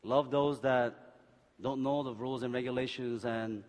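A male pastor preaching a sermon, joking and animated, swinging from loud exhortation to quiet scripture reading. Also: mid-range voice, moderate pace. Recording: long hall reverb.

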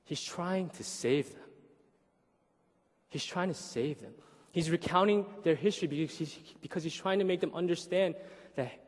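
A man in his thirties preaching a conversational sermon, animated and often checking in with "right?". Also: a little high, moderate pace, in a large hall. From Korean heritage. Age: 30s. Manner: animated, keeps asking "right?", acts out voices. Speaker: pastor.

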